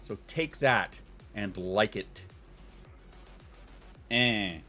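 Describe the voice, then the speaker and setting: A man's voice: on the low side, very slow, bright, forceful tone, faint music behind. A man hosting a casual livestream, rambling and joking with plenty of profanity. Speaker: livestream host.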